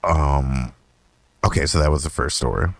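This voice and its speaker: A very deep-voiced young man tells a personal story on his own podcast, rambling and swearing freely. He laughs often and pops up into higher voices when he quotes himself. The sound is close and dry, with no room echo. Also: moderate pace, creaky. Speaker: podcast host. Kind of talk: casual storytelling monologue.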